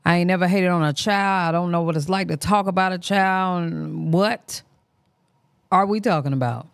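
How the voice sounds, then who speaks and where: A woman's voice: lowish voice, normal speed, creaky, clean tone, dry recording, clean studio sound. A woman hosting a reaction stream, giving candid, slangy, outspoken commentary in a casual way. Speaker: reaction channel host.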